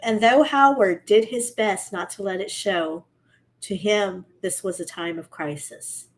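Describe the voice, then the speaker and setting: A woman's voice: mid-range voice, measured pace, rough recording. A woman co-hosting a podcast, reading a story aloud casually and steadily, now and then correcting herself.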